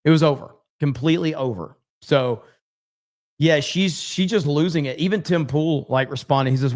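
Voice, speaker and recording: A man's voice: fairly high pitch, moderate pace, a little mellow. A man hosting a live stream, giving brash, profane, repetitive commentary. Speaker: streamer host.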